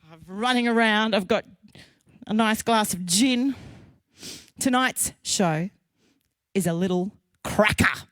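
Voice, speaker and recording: A woman's voice: mid-range voice, slow, pauses often, a bit bright, dry recording. An Australian woman hosts a live show, bubbly and chatty, teasing herself and getting a little teary. Her mid-range voice sits close and dry on a handheld microphone. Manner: chatty, playful and emotional, jokes at herself. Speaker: host. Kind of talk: live stream show hosting. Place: studio kitchen. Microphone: handheld mic on a lead.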